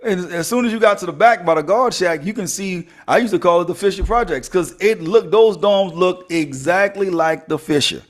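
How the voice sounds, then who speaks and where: Animated high-voiced man. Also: normal speed, few pauses. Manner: animated, preachy, joking with listeners. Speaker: podcast host. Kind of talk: motivational podcast talk.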